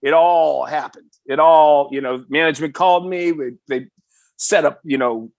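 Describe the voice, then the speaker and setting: A man in his fifties from the Bay Area, a metal singer telling a story as a podcast guest, excitable, swearing freely and full of "you know". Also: fairly high pitch, normal speed, dry recording. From San Francisco Bay Area. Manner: animated, excitable, swears freely, heavy filler words. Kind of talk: casual storytelling in conversation.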